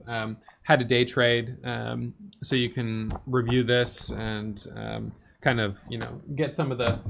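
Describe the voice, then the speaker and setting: Tired man recapping his trading day. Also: fairly bright tone. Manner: fast, filler-heavy talk with restarts, "boom" for quick actions. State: tired, yawning. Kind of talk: casual spoken trade recap.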